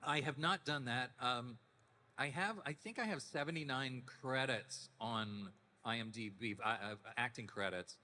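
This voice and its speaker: A man in his fifties, a voice actor guest at a panel, telling stories casually in a deepened, relaxed voice with frequent restarts. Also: a little slow. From Canada. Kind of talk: casual anecdotal panel talk. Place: convention panel hall. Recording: echoey convention hall.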